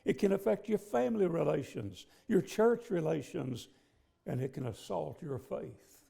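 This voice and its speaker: A middle-aged male preacher with a heavily gravelly, mellow voice pitched a little high for a man. He tells a long personal story from the pulpit in a relaxed, folksy manner, pausing often as he goes. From southern United States. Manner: folksy, conversational storytelling with many pauses. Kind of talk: storytelling sermon. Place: church sanctuary.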